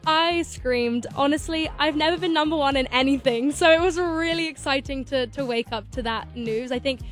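Bubbly high-voiced English teen girl. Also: normal speed, soft background music. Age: teens. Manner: bubbly, giggly, lots of "like". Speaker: guest singer and actor. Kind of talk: casual radio interview. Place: radio studio.

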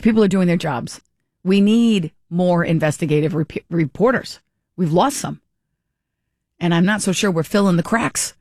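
A woman's voice: on the low side, normal speed, a little mellow, no room sound, clean studio sound. A woman hosting a talk radio show, giving chatty, opinionated political commentary with frequent restarts.

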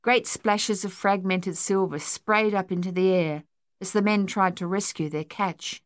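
A woman narrating a novel in a measured storytelling manner, close to the microphone. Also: mid-range voice, fairly even intonation, no echo. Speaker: audiobook narrator. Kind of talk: scripted narration.

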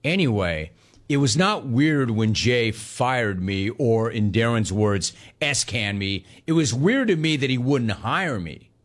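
A man's voice: medium pitch, slow pace. A man hosting a sports talk show reads out listener comments and riffs on them. His talk is loose, casual and joking, in an ordinary mid-range voice. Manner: animated, riffing and joking on viewer comments. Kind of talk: casual chat reading listener messages.

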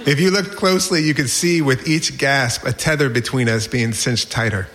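A man in his forties reading a personal essay aloud with wry, lively storytelling. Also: medium pitch, normal speed. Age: 40s. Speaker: narrator.

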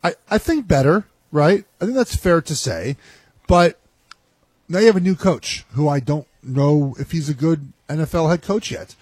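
A man's voice: on the high side, animated, moderate pace, a little mellow, husky, no room sound. A man who is a former pro football player, giving rambling sports analysis and often tagging on "right?". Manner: rambling, keeps asking "right?".

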